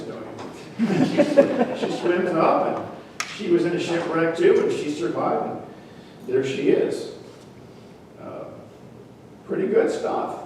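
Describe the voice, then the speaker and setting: A male pastor delivers a sermon in a folksy, conversational storytelling manner, his voice sitting slightly high. The sound washes through a large, reverberant church and is captured from far back. A faint hum of room ambience sits underneath. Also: a little mellow. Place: church sanctuary. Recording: echoey church hall from afar.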